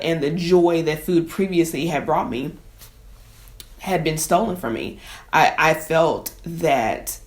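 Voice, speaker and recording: Addressing her audience as y'all, a chef and cooking teacher shares a personal story to camera in a low voice. Her manner is conversational and full of emotion.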